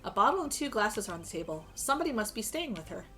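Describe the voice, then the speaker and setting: A woman's voice: medium pitch, sing-song, quick pace, a bit bright, soft background music. A woman streaming a game, reading the dialogue aloud with joking, crude asides and a strained voice.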